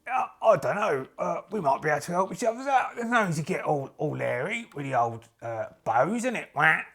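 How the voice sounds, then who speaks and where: A man's voice: fairly high pitch, big pitch swings, a little fast, vocal fry, a bit bright, heavily acted. A man doing a cheeky duck wheeler-dealer. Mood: wheedling. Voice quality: matey slang with a wheedling, salesy patter. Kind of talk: solo tabletop role-play.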